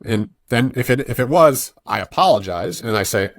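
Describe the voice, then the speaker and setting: Animated man telling coaching stories. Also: mid-range voice, moderate pace, dry recording, clean studio sound. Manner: animated storytelling, acts out quoted voices. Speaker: guest jiu-jitsu coach. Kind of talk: casual podcast interview.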